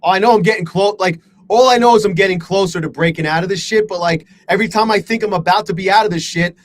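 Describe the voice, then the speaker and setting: A man's voice: sits high, fast, hardly any pauses, rough recording. Frustrated, swearing male trading streamer. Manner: frustrated, self-deprecating, swears a lot. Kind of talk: live stream talking to chat.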